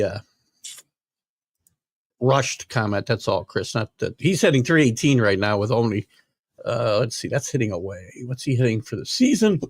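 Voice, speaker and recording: A man's voice: mid-range voice, no room sound, studio quality. An older man hosting a live sports talk show, chatting casually and rambling with fillers while reading viewer comments. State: hiccups.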